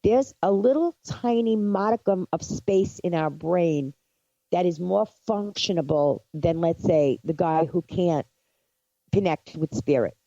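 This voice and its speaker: A woman's voice: lowish voice, expressive, measured pace, mellow, no echo. Earnest woman co-hosting on lo-fi line. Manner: earnest, affirming. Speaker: psychic medium co-host. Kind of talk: casual radio chat. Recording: dull dry lo-fi sound.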